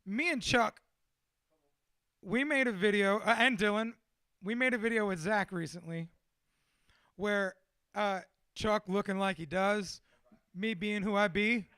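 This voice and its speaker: A man with a high, bright voice tells rambling stories in casual conversation. He swears freely and drifts between excitement and quiet asides, chuckling along the way. The sound is close and dry. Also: unhurried, pauses often, clean tone, no echo. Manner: profane, animated, laughs through his stories. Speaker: tattoo artist and podcast guest. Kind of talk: casual storytelling chat.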